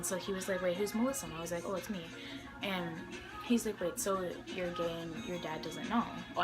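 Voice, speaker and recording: A young woman vlogger telling a personal story in a casual, chatty way, full of fillers and quoted dialogue. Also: on the low side.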